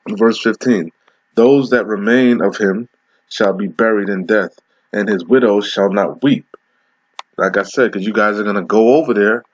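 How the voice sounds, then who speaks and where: A low-voiced man preaching in a confrontational, profane way, reading verses slowly and breaking them down while asking "okay?" again and again. The recording is dull and lo-fi. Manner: slows down to read verses aloud. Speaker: street preacher. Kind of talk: scripture reading with commentary.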